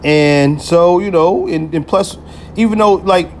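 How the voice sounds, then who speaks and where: A man's voice: high-pitched, measured pace, a little hiss or hum. A man hosting a podcast, telling a personal story in a loose, profane way, full of slang and fillers like "you feel me". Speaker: podcast host. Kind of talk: casual storytelling monologue.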